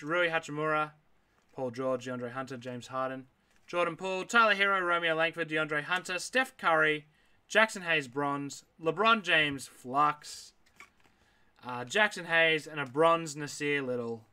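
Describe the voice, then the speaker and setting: A man's voice: on the high side, unhurried, bright, forceful tone, smooth. A man running a live card break, reading out names in a list and chatting with viewers. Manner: rattles off names, reacts aloud, chats with viewers. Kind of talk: live card-opening stream.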